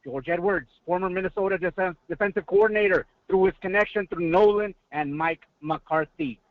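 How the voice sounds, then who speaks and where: A high-pitched male caller talks briskly into an excited sports call-in, giving a hyped, preacher-like pep talk packed with rhetorical questions and Spanish greetings. The audio is dry and comes through a muffled phone line.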